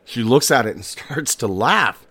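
A man's voice: mid-range voice, expressive, unhurried, pushed and bright, slightly rough. A man hosting a strange-stories podcast, telling a tale in a casual way with personal asides. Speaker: podcast host. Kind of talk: casual storytelling narration.

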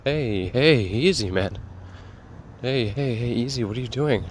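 A flustered cat owner, embarrassed and hushing, scolding his pet with repeated quick calls, as a man acts him out. The delivery is slow, with a little noise behind it. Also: mid-range voice, lively intonation, lightly acted. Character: flustered male cat owner hosting guests.

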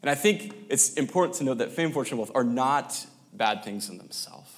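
A man preaching a sermon, telling a story with pauses and restarts and dropping to near-whispers. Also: medium pitch, expressive.

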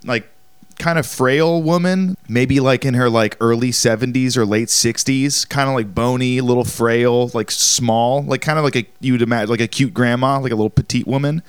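Man, rambling comedic storyteller, smooth voice, dry close sound. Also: medium pitch, normal speed, no echo. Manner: rambling, heavy use of "like".

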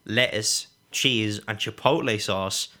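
A man's voice: on the low side, takes it slowly, bright, forceful tone. A young man with a Dublin Irish accent, co-hosting a podcast, blunt and sweary as he reads out listener messages. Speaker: podcast co-host. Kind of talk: casual chat.

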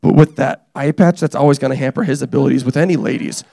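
A young man preaching a casual, energetic sermon, joking and teasing the congregation as he tells stories about his family. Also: mid-range voice, fast, gravelly, no echo, studio quality. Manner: animated, joking, self-deprecating. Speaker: pastor.

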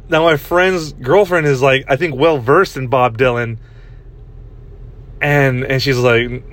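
A man's voice: mid-range voice, unhurried, a bit bright. A young man telling a rambling story in a casual podcast chat, laughing often and saying "dude" a lot. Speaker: podcast host.

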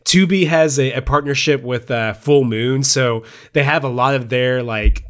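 Podcast co-host, man, mid-pitched, relaxed and jokey. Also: measured pace. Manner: laughs often, loose and joking. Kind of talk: casual chat about movies.

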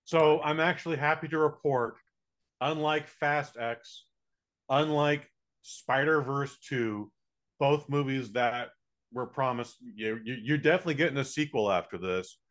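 A man's voice: medium pitch, unhurried, fairly bright tone. A man co-hosting a podcast, reviewing a movie in rambling, joking, profane casual chat.

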